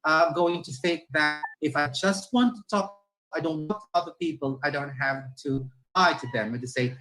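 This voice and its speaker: A man's voice: fairly high pitch, moderate pace, sharp tone, poor audio. A Filipino man with a Filipino accent, giving a chatty, conversational talk to teachers and slipping Filipino words into his English. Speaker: teacher trainer.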